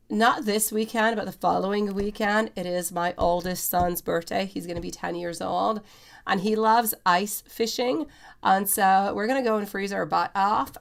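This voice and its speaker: Lady doing live tarot readings, calls everyone sweetie, some fry in her voice. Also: lowish voice. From Quebec, Canada. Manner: chatty, keeps calling viewers sweetie. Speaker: tarot reader.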